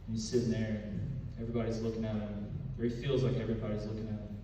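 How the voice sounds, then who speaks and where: Deadpan man doing stand-up. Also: very fast, very echoey, big-room sound, recorded from a distance, a little hiss or hum, low-quality recording. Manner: deadpan storytelling, drops low and quiet for punchlines. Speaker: stand-up comedian. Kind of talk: stand-up comedy set. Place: comedy club stage.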